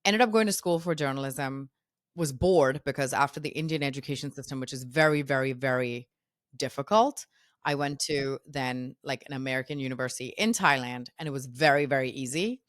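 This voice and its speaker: Low-voiced woman, animated storyteller. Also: a little fast, dry recording, clean studio sound. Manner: animated, quotes herself and others in lively voices. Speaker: podcast guest, founder. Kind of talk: casual storytelling interview.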